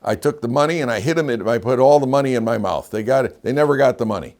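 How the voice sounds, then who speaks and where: A man's voice: mid-range voice, expressive, fast talker, a little mellow, close to an everyday voice. A man voicing a clever young daughter of a miner inside a joke he tells in class. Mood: earnest. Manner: plain quoted dialogue in a joke.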